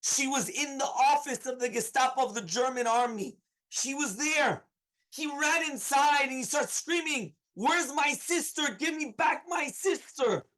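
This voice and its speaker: A man's voice: very high voice, a bit bright, poor audio. A man, a rabbi, giving a Torah lesson and telling a story in an earnest, repetitive way.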